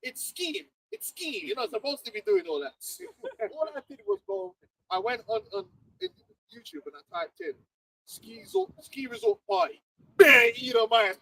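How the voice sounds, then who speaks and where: A man with a London accent, preaching and chatting in an animated group talk, often laughing and mimicking others. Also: very high voice, rough recording. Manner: animated, laughing, mocking voices. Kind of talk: casual group discussion.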